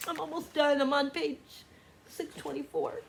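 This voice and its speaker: A woman's voice: sits high, steady tone, moderate pace, creaky, a little hiss or hum. A woman book vlogger talking casually and emotionally, crying and laughing through tears as she talks to the camera. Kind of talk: casual reading vlog.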